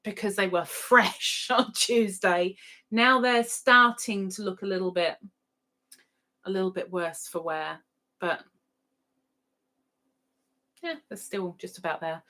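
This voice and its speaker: Slow-talking woman hosting a livestream. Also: mid-range voice, steady tone, bright, forceful tone. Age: middle-aged. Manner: chatty, giggly, sings playfully. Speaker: livestream host. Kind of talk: casual livestream chat reading comments.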